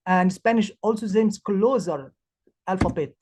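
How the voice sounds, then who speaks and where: A woman who is a language teacher, presenting her project in English, halting and restarting as she searches for words. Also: medium pitch, background noise. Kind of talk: presentation talk.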